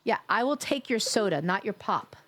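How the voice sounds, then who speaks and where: A woman's voice: mid-range voice, animated, moderate pace, fairly bright tone. A woman from New York chatting casually and teasingly with her viewers while live-streaming a game, laughing often.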